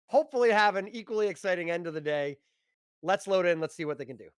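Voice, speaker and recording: A man's voice: sits high, lively intonation, fast, clear, resonant tone, no echo. A man co-casting a live esports match, rambling and restarting his sentences with frequent laughs. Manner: rambling, self-interrupting, laughs often. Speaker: esports co-caster.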